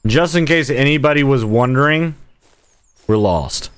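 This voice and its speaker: A man's voice: medium pitch, animated, measured pace, clean tone, dry recording. A man streaming a video game live, rambling and joking as he talks to himself and his viewers. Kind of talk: casual live gameplay commentary.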